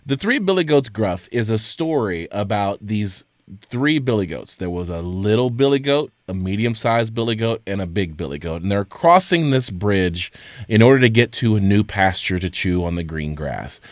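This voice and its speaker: A man's voice: fairly low pitch, moderate pace, dry recording. A man co-hosting a sports talk show, talking casually with a lot of energy. He tells a story with flair and trips over his words when he is pushed. His voice sounds close and dry. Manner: animated storyteller, stammers when pressed. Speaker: podcast co-host. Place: studio.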